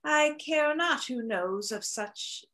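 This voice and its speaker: A woman reading a timid young woman disguised as a page in a Zoom play reading, hesitant and measured. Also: high voice, expressive, sharp tone, heavily acted. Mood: anxious. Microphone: video call.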